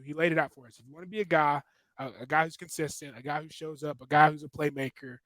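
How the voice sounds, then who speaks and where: Young man guest, former athlete, relaxed storyteller, dry close mic. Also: fairly high pitch, fast talker, no room sound, poor audio. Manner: easygoing storyteller with many fillers. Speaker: guest, former college linebacker. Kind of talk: casual podcast interview.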